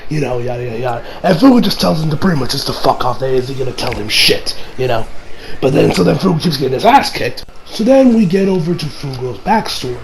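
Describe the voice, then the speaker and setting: A man with a hoarse, strained voice reviewing an anime episode in a rambling, profane, casual way with many restarts. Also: mid-range voice, animated, fast, crowd noise, low-quality recording.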